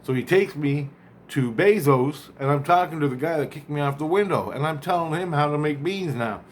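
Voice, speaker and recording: A man casually retelling a dream, rambling and acting out both sides of the conversation, often halting and repeating words. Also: on the high side, slight background noise.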